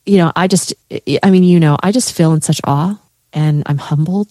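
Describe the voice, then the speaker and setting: A woman's voice: sits low, moderate pace, dark tone, no room sound, studio quality. A woman coach talking in a heartfelt, rambling way, with many fillers and restarts, in a podcast conversation. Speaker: guest, coach. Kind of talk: emotional conversational podcast chat.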